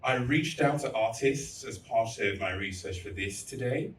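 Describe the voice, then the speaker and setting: A man's voice: medium pitch, unhurried, slight background noise. A man giving a candid, storytelling speech to fellow artists, with blunt and crude humor. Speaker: festival speaker. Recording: echoey hall, voice from far off.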